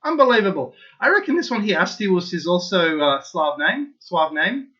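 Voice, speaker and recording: A man hosting his own channel, giving an opinionated solo monologue to his viewers in an excitable, insistent way that keeps circling back to the same points. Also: sits high, moderate pace, muffled recording. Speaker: channel host.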